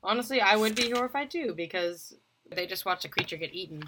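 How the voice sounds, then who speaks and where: A woman's voice: mid-range voice, expressive, quick pace, noisy background. A young adult woman co-hosting a casual book podcast, making playful jokes and acting out reactions. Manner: playful, jokey asides and voiced reactions. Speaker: podcast co-host. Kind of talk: casual chat, book discussion.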